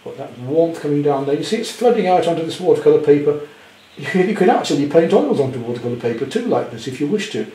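Mellow-voiced man teaching painting. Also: on the high side, lively intonation, fast talker, hardly any pauses, reverberant, rough recording. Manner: chatty, gentle self-deprecating humour. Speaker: art teacher. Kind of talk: painting demonstration. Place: indoor studio at home.

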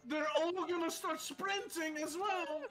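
A woman's voice: very high-pitched, steady tone, measured pace. A woman playing a zombie survival game live, panicky and pleading, swearing often. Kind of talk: live gameplay commentary.

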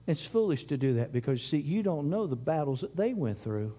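A man preaching a sermon in church, impassioned, swinging between loud surges and quiet stretches, often stumbling and repeating words. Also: fairly high pitch, sing-song, brisk, breathy edge.

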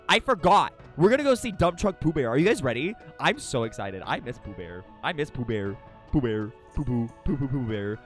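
A man streaming a video game live, chatting with his viewers in an animated way, swearing freely and going off on dramatic mock rants. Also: medium pitch. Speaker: Twitch streamer. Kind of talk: live gameplay streaming chat.

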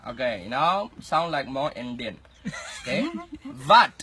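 A man's voice: medium pitch, big pitch swings, a little slow, sharp tone, a little hiss or hum. A man playing a comic teacher in a skit, bossy and scolding, often laughing as he talks. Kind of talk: comedy skit.

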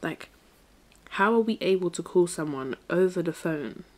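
A young woman chats to her listeners in a loose, playful way, full of slang and little sung asides. Her voice sits on the lower side for a woman. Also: expressive, moderate pace. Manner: chatty and playful, breaks into song and slang. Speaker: podcast host. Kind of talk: casual solo podcast chat.

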